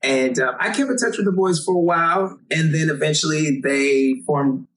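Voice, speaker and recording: A young man, a singer from Los Angeles, telling stories in an interview, animated and quick to laugh. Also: on the high side, distant mic, poor audio. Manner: animated, acts out quotes, laughs often. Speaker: singer, guest. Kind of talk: storytelling interview.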